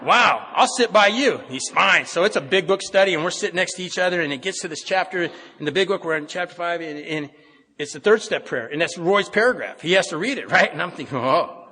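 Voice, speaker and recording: A man's voice: sits high, quick pace, sharp tone. A middle-aged man telling his recovery story to a meeting, plainspoken, with frequent restarts. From Pacific Northwest of the US. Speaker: AA meeting speaker. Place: meeting hall. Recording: reverberant meeting hall.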